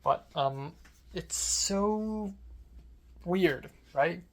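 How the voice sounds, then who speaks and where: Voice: mid-range voice, extremely slow. Young filmmaker rambling through a vlog. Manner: rambling, filler-heavy storytelling. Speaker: student filmmaker. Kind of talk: casual vlog narration.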